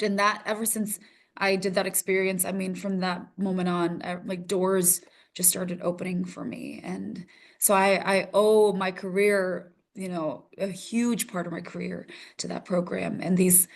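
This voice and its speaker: A woman in her thirties from Minnesota, a news reporter telling her story as a podcast guest, animated and laughing often. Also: on the low side, gravelly. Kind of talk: casual interview storytelling.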